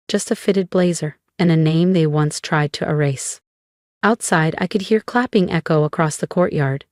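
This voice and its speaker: A woman narrating a first-person story in a measured, cool manner with dramatic pauses. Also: fairly low pitch, darkish tone, dry recording, studio quality.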